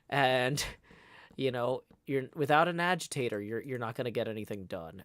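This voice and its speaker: A man's voice: mid-range voice, normal speed, fairly bright tone. A man hosting a casual livestream, talking in a rambling, irritated way with many restarts. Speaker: livestream host.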